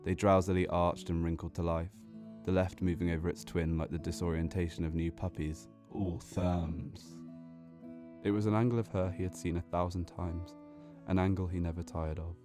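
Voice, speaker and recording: A man narrating a dark, absurd spoken-word story in a deadpan, wry and theatrical way. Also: low voice, normal speed, over music.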